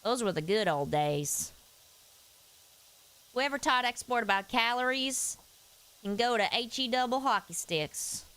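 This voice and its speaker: A woman doing a lively folksy Southern gal. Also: fairly high pitch, a little slow, long pauses, smooth, rough recording. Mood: chatty. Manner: folksy, drawling, chatty. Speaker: streamer. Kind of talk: casual live-stream chat.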